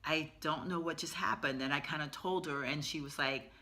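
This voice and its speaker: A middle-aged woman telling a personal story in a storytime vlog, emotional and halting, with many fillers. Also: low voice, pushed and bright. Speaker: vlogger.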